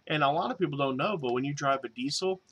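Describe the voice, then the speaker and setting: A man's voice: fairly high pitch, quick pace, slightly rough, muffled recording. Rambling jokey man in his thirties. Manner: rambling, jokey, many fillers and restarts; louder and excited when showing toys. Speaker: vlogger and toy reseller. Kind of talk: casual vlog chat.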